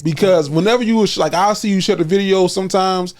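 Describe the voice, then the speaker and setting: A man's voice: high-pitched, fast talker, darkish tone. A man in his forties hosting a comedy podcast, joking and laughing through casual banter. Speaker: podcast host.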